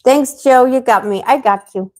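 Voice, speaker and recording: A woman's voice: on the high side, normal speed. A woman hosting a tarot live stream, chatting casually with viewers, rambling and getting heated as she vents. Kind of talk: casual livestream chat answering viewers.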